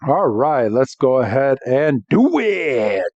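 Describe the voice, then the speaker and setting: A man's voice: medium pitch, big pitch swings, takes it slowly, a little mellow, no room sound. A man hosting a podcast, casually recapping an episode in a rambling way with many restarts. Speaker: podcast host. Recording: dull dry lo-fi.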